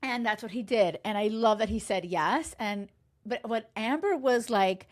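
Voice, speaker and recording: A woman dating coach recapping a reality show in casual chat, emphatic and animated, swearing freely and acting out quotes. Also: mid-range voice, normal speed. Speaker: love and dating coach, podcast host.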